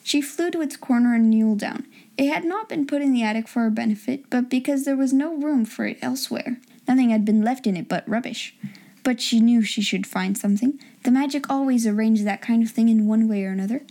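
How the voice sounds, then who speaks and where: A woman narrating a storybook in a gentle, measured reading voice. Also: fairly high pitch. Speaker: audiobook narrator.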